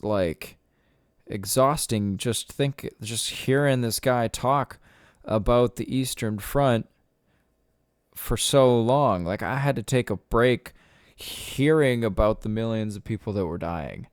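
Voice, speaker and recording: A man's voice: on the low side, slow pace, clean tone, dry recording, clean studio sound. A young man hosting a solo podcast, ranting in a profane, rambling way with lots of fillers. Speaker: podcast host. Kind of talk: casual solo podcast rant.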